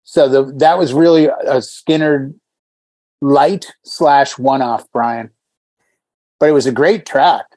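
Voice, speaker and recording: A mid-pitched man tells long, rambling band stories on a casual chat show. His voice is dry and close-miked. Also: slow, a little mellow, no echo. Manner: chatty, tells long anecdotes. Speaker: co-host.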